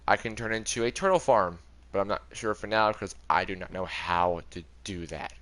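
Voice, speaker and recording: Young man, bright voice, lowish pitch, chatty rambling game-tour commentary. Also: moderate pace. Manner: rambling, chatty, self-correcting. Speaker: gaming video creator.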